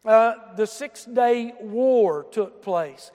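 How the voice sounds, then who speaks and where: A preacher with a strikingly high voice delivers an emphatic sermon. He drops to quiet asides, then rises to shouted emphasis. His voice rings out with the long reverb of a church hall. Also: lively intonation, drawn-out words. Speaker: pastor. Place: church sanctuary.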